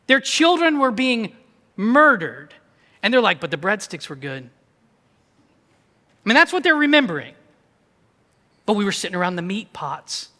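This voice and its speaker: Bright, high-voiced male pastor preaching. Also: in a large hall. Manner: emphatic, conversational preaching with quick asides. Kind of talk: sermon. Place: church sanctuary.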